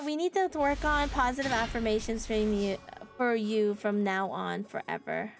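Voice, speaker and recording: A woman streaming a card game live, chatting with viewers in a playful, sarcastic way and laughing often. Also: high voice. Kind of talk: casual live-stream chat while playing a card game.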